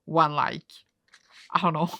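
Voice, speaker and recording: A woman's voice: sits low, steady tone, slow, vocal fry, dull audio. A young woman chatting casually as she recaps a comic she is reading, laughing often and filling with "like". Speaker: reading vlogger.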